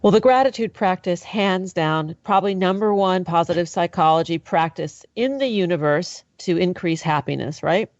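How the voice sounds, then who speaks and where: A woman's voice: fairly low pitch, moderate pace, hardly any pauses, no room sound. Woman, podcast host, enthusiastic, affirming, dry close sound, lo-fi. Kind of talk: conversational interview.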